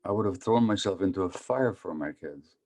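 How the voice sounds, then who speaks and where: A man's voice: sits low, lively intonation, a little fast, darkish tone. A man in his seventies, from Hungary, giving a conversational talk as a physician and asking his audience questions. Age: 70s. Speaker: physician speaker. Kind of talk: public talk on trauma.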